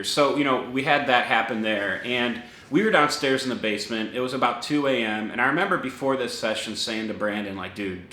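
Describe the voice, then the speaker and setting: A young man casually presenting his paranormal recordings, rambling with lots of fillers, a dog somewhere near him. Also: fairly low pitch. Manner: relaxed, rambling with many fillers. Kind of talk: casual talk to camera. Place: home room with a dog nearby. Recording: echoey room, faint noise.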